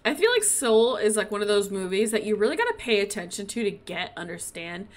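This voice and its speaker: A woman's voice: mid-range voice, very animated, a little fast. A woman streamer giving chatty, rambling commentary while playing a life-sim game. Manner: chatty, rambling, full of "like" and laughter. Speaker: gaming streamer. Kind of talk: casual let's-play commentary.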